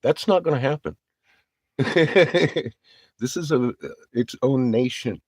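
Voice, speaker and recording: A man's voice: medium pitch, slow pace, a little mellow, breathy edge, no room sound. A man telling a rambling story in a casual vlog, cursing freely and breaking into laughter. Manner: rambling, profane, laughs often. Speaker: vlogger.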